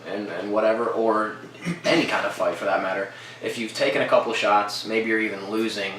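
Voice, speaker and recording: Young guy interviewer, eager and umm-ing a lot, kinda low voice, echoey gym room. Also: bright, forceful tone, slight background noise. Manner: enthusiastic, hesitant, lots of fillers. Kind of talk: casual interview questions. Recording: echoey room, mic far off.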